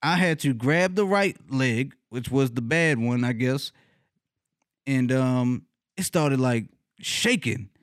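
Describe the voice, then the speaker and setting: A man casually telling a funny personal story, cursing freely, laughing often and leaping up in pitch when he retells his reactions. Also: lively intonation, slow pace, no echo, clean studio sound. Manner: laughs often mid-sentence.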